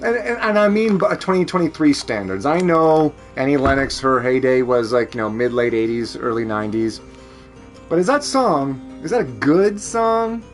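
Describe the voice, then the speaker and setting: A man's voice: medium pitch, expressive, normal speed, faint music behind. A man with a Canadian accent chatting casually at home on a stream, rambling, laughing often and swearing freely. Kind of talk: casual chat.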